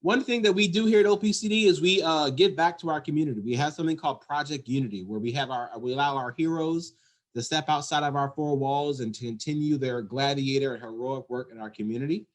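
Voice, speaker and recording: A man's voice: fairly high pitch, fast talker. Earnest man giving a leadership talk. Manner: earnest and emphatic, repeats key points. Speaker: 911 center executive director.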